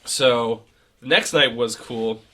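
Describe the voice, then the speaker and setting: A man's voice: mid-range voice, slow, bright, forceful tone. A young man co-hosting a casual podcast, telling a rambling travel story full of fillers. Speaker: podcast co-host. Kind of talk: casual chat.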